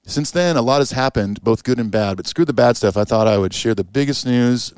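A man's voice: mid-range voice, brisk, darkish tone, clear, resonant tone, no echo, clean studio sound. A man co-hosting a podcast in easygoing casual chat, reading listener emails and agreeing with his partner. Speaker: podcast co-host.

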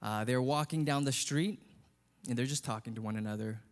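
A man's voice: mid-range voice, a little fast. Earnest, conversational male pastor. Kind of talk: sermon.

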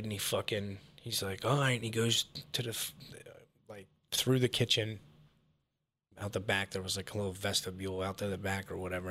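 A man casually telling a story, cursing often and acting out each person's lines. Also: on the low side. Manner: profane, animated, acts out quotes.

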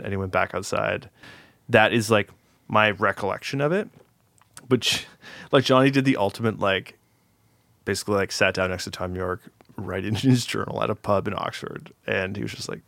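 A man's voice: on the low side, brisk, creaky, fairly bright tone, no room sound, clean studio sound. A man telling a long story in a casual podcast chat, rambling with lots of fillers.

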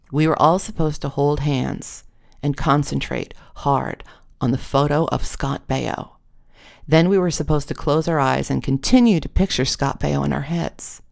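Wry audiobook narrator, gravelly tone. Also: mid-range voice. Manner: wry, self-deprecating. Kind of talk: comic memoir audiobook reading.

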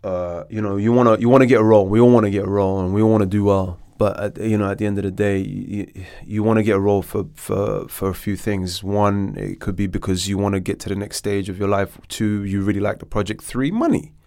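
A middle-aged man, an actor, telling a story in a podcast interview with animated restarts. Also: lowish voice, fast, few pauses, dry recording, clean studio sound. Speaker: actor guest.

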